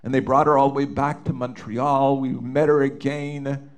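A middle-aged Canadian man, a father, shares a personal family story as testimony, speaking with earnest emotion and often hesitating and starting over. His voice is medium in pitch with little movement, at a normal pace.

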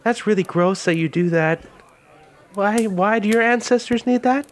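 A man's voice: high-pitched, normal speed, voice pushed up, lightly acted. A man putting on a blunt, squeamish young woman adventurer. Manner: questioning, squeamish.

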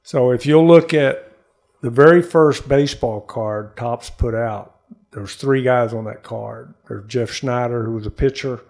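An older man, a former pro baseball player, telling lively stories as a studio interview guest and acting out the quotes. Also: medium pitch, a little slow, vocal fry. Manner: lively storyteller, acts out quotes. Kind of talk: animated storytelling in conversation.

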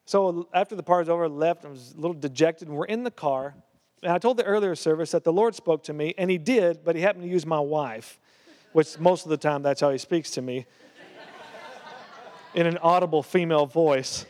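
High-voiced pastor preaching in a reverberant hall. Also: male voice, a little fast, darkish tone. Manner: storytelling, rising to fervent preaching. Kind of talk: sermon.

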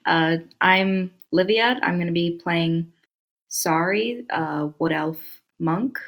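A young woman player introducing herself shyly and hesitantly in a soft voice. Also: fairly low pitch, slow. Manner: shy, hesitant, soft-spoken. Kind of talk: casual podcast chat.

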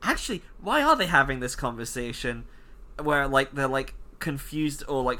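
A man co-hosting a casual comic-book podcast, animated and jokey, with lots of "like" fillers. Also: mid-range voice. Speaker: podcast co-host.

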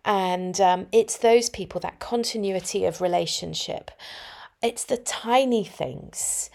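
A woman's voice: medium pitch, slow, vocal fry, darkish tone. A woman hosting her own podcast, telling personal stories in a reflective, anecdotal way from home. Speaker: podcast host. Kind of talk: solo podcast talk.

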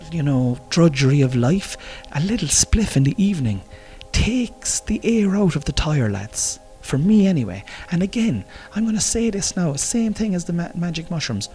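A man's voice: on the high side, mellow. An Irish man ranting in a casual monologue, swearing freely and rambling with jokes. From Ireland. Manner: profane, rambling, joking. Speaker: vlogger.

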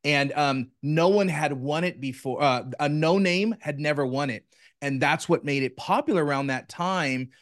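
A man's voice: fairly high pitch, moderate pace, a bit bright, no room sound. Laid-back male podcast guest, dry sound. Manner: friendly, enthusiastic, says "bro" and "man" often. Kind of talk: casual chat.

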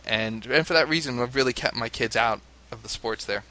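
Animated storytelling American man, bright voice. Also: mid-range voice, brisk. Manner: animated storyteller, laughs often, mimics crowd chants. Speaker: father telling a story. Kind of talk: casual conversation, anecdote.

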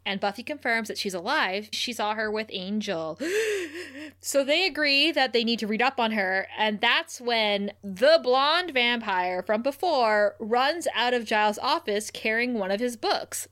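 Bright, high-voiced woman recapping an episode. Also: lively intonation, a little slow, few pauses. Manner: laughs often, acts out quotes with raised pitch. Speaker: podcast co-host. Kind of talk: casual recap chat.

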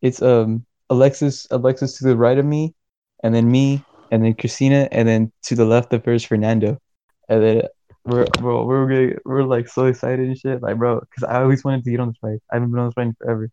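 A man's voice: mid-range voice, flat delivery, brisk, mellow, clear, resonant tone, dry recording, muffled recording. Laid-back young guy, lots of "bro". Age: young adult. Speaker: podcast co-host. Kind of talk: casual storytelling chat.

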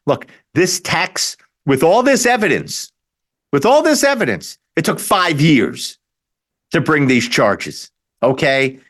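Animated sarcastic talk radio host. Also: male voice, mid-range voice. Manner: animated, sarcastic, repeats himself and restarts. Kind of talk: opinionated political monologue.

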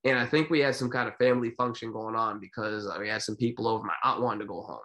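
A man co-hosting a podcast, telling stories in a casual, rambling, animated way. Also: fairly low pitch, quick pace. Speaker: podcast co-host. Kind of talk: casual chat.

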